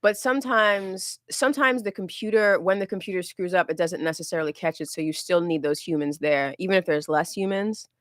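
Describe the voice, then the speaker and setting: A woman on a live podcast who pushes back in an even, steady way. Her voice sits fairly low, and the recording is dry and close. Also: brisk, hardly any pauses, no room sound. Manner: calm, skeptical, argues her point steadily. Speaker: podcast co-host. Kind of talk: casual live podcast chat.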